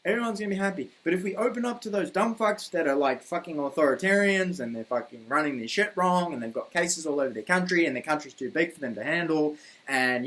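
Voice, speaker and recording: A man's voice: a little high, fairly bright tone. A man with a New Zealand accent delivering a rambling, profane, heated opinion rant to camera at home. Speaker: vlogger. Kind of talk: ranting opinion monologue. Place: room at home.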